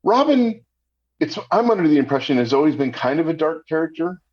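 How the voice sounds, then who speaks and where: A man's voice: on the high side, sing-song, brisk, lo-fi sound. A man appearing as a podcast guest in casual chat, rambling and correcting himself as he goes. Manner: hesitant, rambling, self-correcting.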